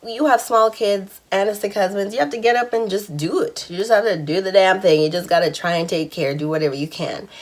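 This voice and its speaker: A woman in her thirties telling a personal story in a candid, chatty vlog, laughing now and then. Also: lowish voice. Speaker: vlogger.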